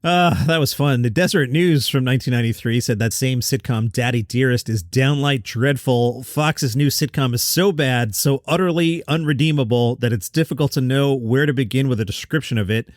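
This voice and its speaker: A man's voice: mid-range voice, a little fast, few pauses, no room sound, studio quality. A man hosting a comedy news podcast, reading old press quotes aloud and adding wry, sarcastic asides.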